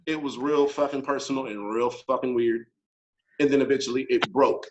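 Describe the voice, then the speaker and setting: A man co-hosting a podcast, telling a story in casual chat, animated and full of swearing. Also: medium pitch, moderate pace, muffled recording. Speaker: podcast co-host.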